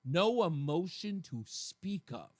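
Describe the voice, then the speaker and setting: A man hosting a talk radio show, giving animated commentary and acting out the voices of the people he quotes. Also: sits high, slow pace, no echo, clean studio sound.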